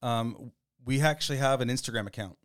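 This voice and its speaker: A man co-hosting a podcast in casual chat, rambling and relaxed with plenty of fillers. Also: mid-range voice, brisk. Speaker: podcast co-host.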